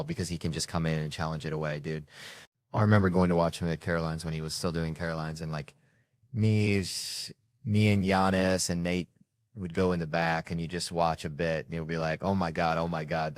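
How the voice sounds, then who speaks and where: A lower-pitched man chatting on a podcast, telling stories and jumping into voices for each person he describes. The sound is dry and close, with no room in it. He swears freely and gets loud when he acts out a scene. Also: no echo. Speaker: podcast host. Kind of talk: casual storytelling chat.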